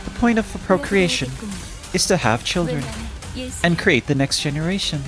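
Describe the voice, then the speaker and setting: A man's voice: on the high side, lively intonation, normal speed, music in the background, natural voice. A man voicing a cold, know-it-all young woman who lectures formally and speaks of herself in the third person. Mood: lecturing. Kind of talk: streamer doing a character voice.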